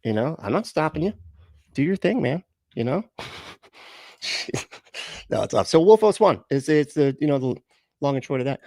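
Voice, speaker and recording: A man's voice: on the high side, very animated, normal speed, long pauses, dark tone, no echo, studio quality. A man hosting a live stream in casual chat, greeting viewers with rambling, chuckling, self-correcting asides.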